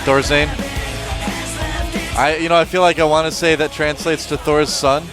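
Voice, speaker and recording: A man's voice: a little high, level tone, moderate pace, a bit bright. A man commentating an esports match, with jokey, rambling banter between the plays. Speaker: esports caster. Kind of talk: play-by-play commentary. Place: broadcast studio in Seoul. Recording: music playing under the voice.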